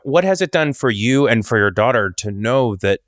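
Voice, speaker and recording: A man hosting an interview, asking questions in a halting, searching way with many restarts. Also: mid-range voice, expressive, a bit bright, dry recording, studio quality. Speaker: podcast host. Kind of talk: interview conversation.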